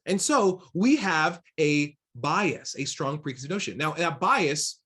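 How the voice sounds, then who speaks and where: A man giving an interactive diversity training talk, telling a story in a lively conversational way, acting out inner voices, with many fillers and restarts. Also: fairly high pitch, unhurried, breathy edge.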